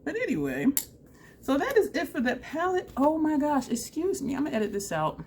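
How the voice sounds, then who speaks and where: A woman's voice: high-pitched, wildly swooping pitch, brisk, darkish tone, a little hiss or hum. A woman chatting casually through a makeup tutorial, self-deprecating and laughing often, with a runny nose. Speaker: makeup vlogger.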